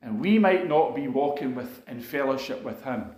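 A man's voice: medium pitch, animated, moderate pace, a little mellow. A man preaching a sermon, telling a personal story in an earnest, conversational way full of asides. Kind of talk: sermon testimony. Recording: echoey room.

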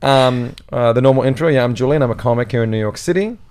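Male comedian, podcast host; mid-pitched, teasing and loose, rambling delivery. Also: fast talker, darkish tone, smooth. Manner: joking, teasing, rambling with "uh" fillers. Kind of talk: casual chat.

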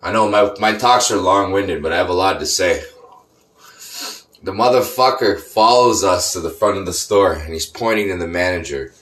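A man's voice: sits low, moderate pace, a bit bright. A man in his thirties ranting casually in a profane, rambling, sarcastic way. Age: 30s. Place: room in an apartment complex. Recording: echoey room.

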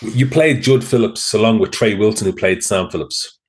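A male podcast host with a low voice who asks his questions hesitantly. He hedges and apologizes before getting to the point. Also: normal speed. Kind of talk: interview questions.

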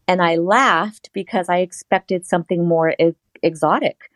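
A woman telling a personal story in a casual interview, animated and laughing often. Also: a little slow, dry recording. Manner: animated, laughs often, quotes herself in a higher voice. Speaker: interview guest.

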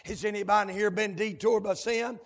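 A male preacher delivering a fiery sermon in rhythmic cadences, dotted with amens and sudden shouted whoops. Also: sits high, fairly even intonation, fairly quick. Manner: rhythmic cadences punctuated with amen. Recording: long hall reverb.

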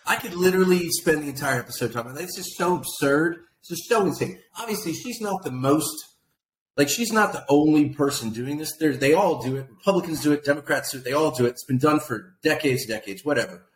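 Man on a podcast, animated, slightly high voice, echoey room, faint noise. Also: fast. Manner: animated, laughing, mimics others. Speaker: podcast co-host. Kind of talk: casual political chat.

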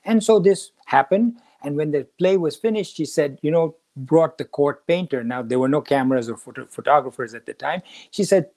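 Man, storytelling host, fairly high voice, acts out characters' lines. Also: normal speed, hardly any pauses, a little mellow. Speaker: podcast host. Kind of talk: storytelling in casual spiritual talk.

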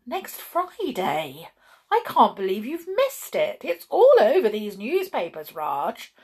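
A pompous, pushy mother on the campaign trail, put on by a woman reading aloud. She speaks a touch higher and louder than the narration, bossy and sure of herself, in a lively storybook voice. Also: slow pace, breathy edge, exaggerated voice. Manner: bossy, self-important. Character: determined pompous mother running for office.

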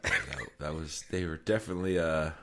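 A man's voice: rumbling low, brisk. A man hosting a casual podcast countdown, chatting loosely and swearing now and then. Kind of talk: casual chat.

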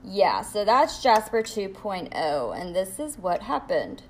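A young woman telling a storytime vlog at home in a blunt, profane, animated way. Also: mid-range voice, unhurried. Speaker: vlogger. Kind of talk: storytime monologue.

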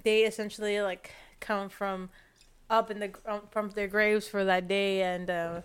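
A woman's voice: mid-range voice, little pitch movement, moderate pace, clear, resonant tone. A young woman co-hosting a podcast, rambling in casual chat with lots of fillers and restarts. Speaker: podcast co-host.

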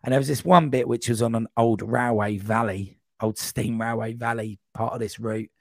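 A man speaks at an ordinary middle pitch, recounting a race story in loose, rambling fashion and slipping into quoted voices as he goes. The recording is close and dry, with no room sound. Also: steady tone, normal speed, vocal fry, dry recording. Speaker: podcast guest. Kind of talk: casual storytelling.

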